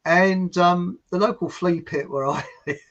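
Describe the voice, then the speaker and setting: A man's voice: high-pitched, steady tone, measured pace, fairly bright tone, dull audio. A man from England, hosting a podcast and telling a story in a rambling, jokey way full of asides. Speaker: podcast host. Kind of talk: casual storytelling chat.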